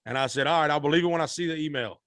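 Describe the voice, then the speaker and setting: A man's voice: fairly high pitch, rapid-fire, fairly bright tone, no room sound, clean studio sound. A man, a musician guest telling a rambling, folksy story in a podcast interview. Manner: rambling, repeats and restarts, Southern-style folksy speech.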